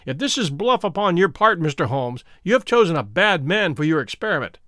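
A man voicing a fierce, menacing middle-aged explorer in a dramatic audiobook reading, with forceful, indignant outbursts. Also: a little high, very animated, brisk, no room sound, studio quality.

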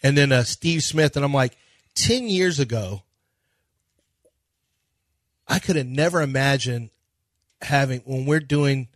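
A man's voice: mid-range voice, a little slow, pauses often, no echo, studio quality. A man co-hosting a sports radio show, telling stories animatedly and quoting others' conversations. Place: radio studio. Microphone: studio microphone.

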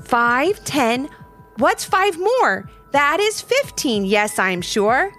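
A woman reading a children's storybook, voicing a bold, eager young girl who talks high and excited. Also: slow, faint music behind, full character voice.

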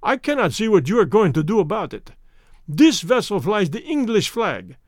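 A man reading the part of a calm, stern gentleman hero, speaking in a measured way. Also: high-pitched, no room sound, studio quality.

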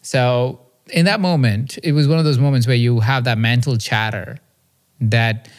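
This podcast host and coach, a man in his thirties, shares a personal story at a normal speed and medium pitch. His tone is earnest and confessional, and he keeps asking "right?"

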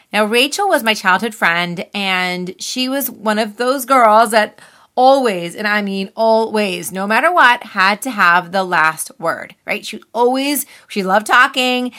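Woman w a bright clear voice doing a chatty pep talk, acts out the voices in your head. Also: medium pitch. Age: adult with children. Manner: animated, acts out inner voices, says "y'all". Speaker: motivational speaker. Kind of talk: casual motivational talk.

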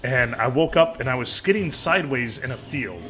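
A man's voice: mid-range voice, expressive, moderate pace, sharp tone, soft background music. A man in his thirties co-hosting a podcast, joking around and telling rambling stories in casual banter. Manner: jokey, rambling storyteller. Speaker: podcast co-host.

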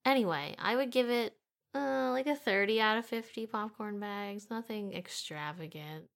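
A woman's voice: medium pitch, normal speed, creaky. A woman co-hosting a casual movie chat, chatty and giggly, with lots of fillers. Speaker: podcast co-host.

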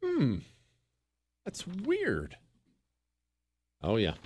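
A man's voice: high-pitched, huge pitch swings, extremely slow, darkish tone, slightly rough. Sarcastic man hosting a political show. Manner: sarcastic, teasing, exasperated. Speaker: political commentary host. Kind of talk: sarcastic monologue.

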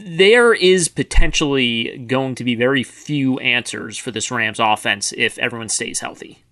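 Bright-voiced male football podcast co-host. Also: mid-range voice, unhurried, dry recording, studio quality. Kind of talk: casual sports podcast chat.

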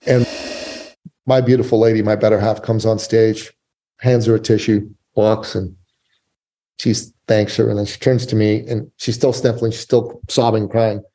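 Warm-voiced male storyteller, emphatic. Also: lowish voice, little pitch movement, normal speed. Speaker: guest, business coach and author. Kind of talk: storytelling in a podcast interview.

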